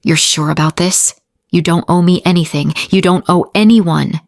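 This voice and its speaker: A woman's voice: on the low side, steady tone, moderate pace, vocal fry, no echo, clean studio sound. A woman voicing a dangerous, possessive middle-aged male crime boss in an audio story, speaking in short, commanding lines. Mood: quiet, possessive.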